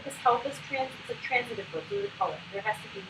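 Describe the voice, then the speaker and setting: Brisk, chatty woman trainer in an echoey room. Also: on the high side. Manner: brisk, chatty, full of "like" fillers. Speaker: trainer of autism program volunteers. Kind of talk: hands-on instructional coaching. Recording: echoey room, distant mic, background noise.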